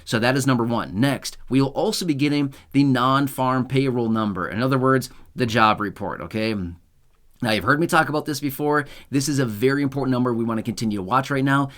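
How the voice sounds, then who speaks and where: A man's voice: mid-range voice, fairly quick, a bit bright. Chatty man explaining benefit dates. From United States. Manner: chatty, sarcastic asides, frequent "okay?" and "right?" tags. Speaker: channel host. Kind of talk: casual explainer monologue.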